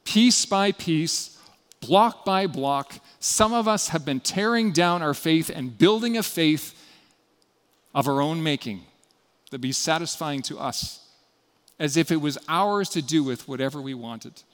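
Earnest preacher in an echoing hall. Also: male voice, a little high, animated, measured pace. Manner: earnest, dropping to a quiet, intimate tone for appeals. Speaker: pastor. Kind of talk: sermon. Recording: long hall reverb.

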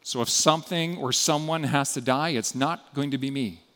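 A man's voice: medium pitch, normal speed, fairly bright tone, big-room sound. A man preaching a sermon as a pastor, in an earnest, conversational way.

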